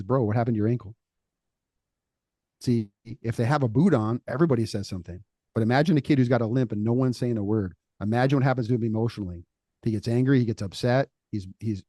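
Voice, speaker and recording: A middle-aged man on a faith podcast, talking casually and telling stories with lively acted-out quotes. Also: mid-range voice, dry recording. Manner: animated storytelling, acts out quoted voices. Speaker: podcast co-host.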